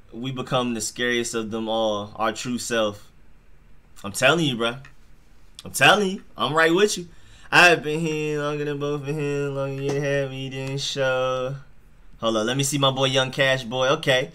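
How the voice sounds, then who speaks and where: A man's voice: medium pitch, steady tone, a little slow, sharp tone, clear, resonant tone. A young man hosting a live football stream, chatting casually in slang and reacting to plays and chat messages. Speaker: sports live-stream host.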